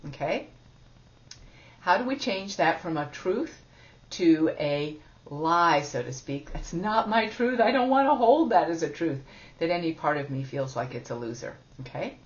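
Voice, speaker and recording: A woman's voice: deep voice, lively intonation, measured pace. A woman giving a spiritual teaching talk in a chatty, self-deprecating way, laughing often. It sounds like a dull lo-fi recording.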